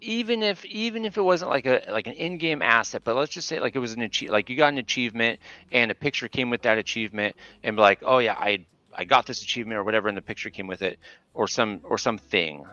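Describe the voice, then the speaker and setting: A man's voice: medium pitch, fast talker, bright, forceful tone, dry recording, highs cut off. Profane, rambling man on a call. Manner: loose, profane, lots of fillers and restarts. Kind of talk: casual chat. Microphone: remote call mic.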